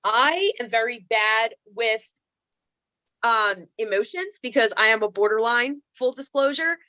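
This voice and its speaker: Sassy, bright-voiced woman telling funny stories. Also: a little high, unhurried, dry recording, lo-fi sound. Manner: sassy, self-mocking, playful asides. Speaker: comedian and speaker. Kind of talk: comedic storytelling on a video call. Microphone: computer mic on a video call.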